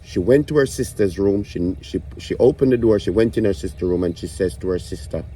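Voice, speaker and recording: A man's voice: deep voice, brisk, dark tone, a little hiss or hum. A man telling a stand-up story about his grandma, swearing and ranting in exasperation. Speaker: comedian.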